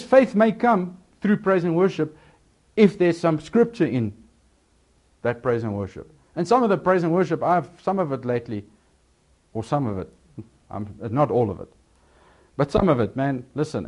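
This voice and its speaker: A man preaching a sermon, swinging between loud, emphatic lines and quieter asides. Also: a little high, big pitch swings, moderate pace.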